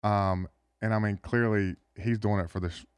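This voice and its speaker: A low, smooth male voice, recorded close and dry in a studio. He is a former football player in his thirties, answering questions casually, pausing often and restarting his sentences with plenty of fillers. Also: fairly even intonation, dry recording. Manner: halting, lots of fillers and restarts. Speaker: NFL tight end guest. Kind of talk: casual podcast interview.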